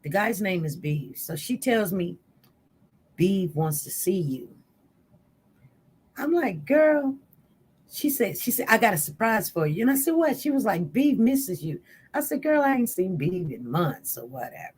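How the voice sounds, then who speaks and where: A woman's voice: medium pitch, normal speed, breathy edge. A woman telling her viewers a personal story, casually, acting out the people she quotes. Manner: chatty, animated retelling with quoted voices. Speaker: channel host.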